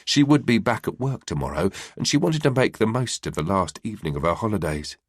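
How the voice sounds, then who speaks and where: Low-voiced male audiobook narrator. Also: breathy edge, no echo, clean studio sound. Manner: measured, expressive reading. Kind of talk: scripted narration.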